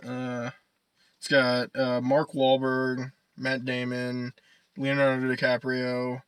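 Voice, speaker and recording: Young guy, podcast co-host, loose profane rambling, bright edge, dry close mic. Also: medium pitch, monotone, slow, clear, resonant tone, no echo, low-quality recording. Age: young adult. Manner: rambling, profane, laughs often. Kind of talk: casual chat.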